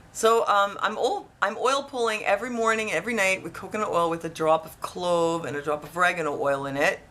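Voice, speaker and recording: A woman in her thirties telling a personal story to camera in a casual, animated way, acting out what people said to her. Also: fairly low pitch. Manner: animated, acts out quoted dialogue in her retelling. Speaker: vlogger.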